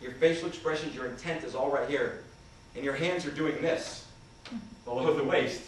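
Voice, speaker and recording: A man's voice: medium pitch, normal speed. Man lecturing in an echoey hall. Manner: interactive, questions the audience, demonstrates points. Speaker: communication skills trainer. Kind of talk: seminar presentation. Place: large conference hall. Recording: echoey hall, voice far from the mic, faint noise.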